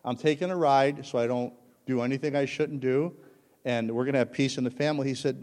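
Storytelling pastor in a reverberant hall. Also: male voice, medium pitch, fast. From Italian-American family. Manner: storytelling, animated, acts out voices. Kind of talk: sermon. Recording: long reverb of a large hall.

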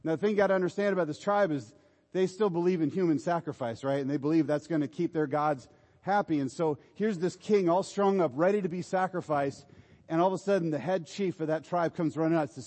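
A man's voice: on the high side, quick pace, darkish tone, big-room sound. A man preaching a sermon in an informal, exhorting way, urging his listeners on. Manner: informal, exhorting, repeats "come on".

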